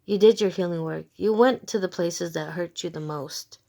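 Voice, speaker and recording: A woman's voice: fairly low pitch, normal speed, creaky, warm tone. A woman giving a casual tarot reading to her viewers, frank and emphatic, swearing freely and repeating short phrases as she talks. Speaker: tarot reader.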